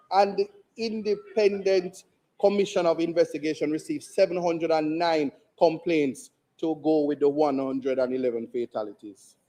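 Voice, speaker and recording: A Jamaican man, an opposition member of parliament, making a forceful, rhetorical speech in the chamber and repeating lines for emphasis. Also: fairly high pitch.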